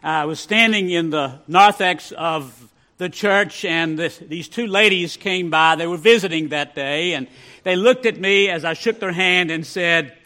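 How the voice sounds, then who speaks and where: Preaching a sermon, this male pastor speaks a little slowly in a voice on the high side. He shares folksy, funny stories and lowers his voice to a hush whenever he reaches a punchline.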